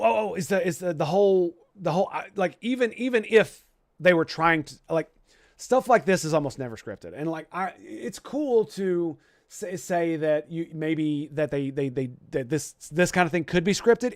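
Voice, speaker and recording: A young man with a somewhat high voice, riffing in casual commentary. He rambles, swears freely and keeps restarting his sentences. The sound is dry and close. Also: no echo. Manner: rambling, profane, many restarts. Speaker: streamer host.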